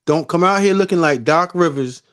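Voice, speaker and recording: A man's voice: fairly high pitch, fairly quick, fairly bright tone. A man co-hosting a casual show, teasing his friend in a playful, mock-serious way. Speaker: co-host.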